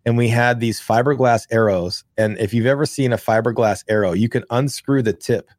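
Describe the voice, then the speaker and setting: A man's voice: mid-range voice, a little fast, dry recording. A man co-hosting a podcast, telling rambling, profane stories from his country childhood in a casual chat. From grew up in the countryside. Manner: rambling, profane, animated storyteller. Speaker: podcast co-host.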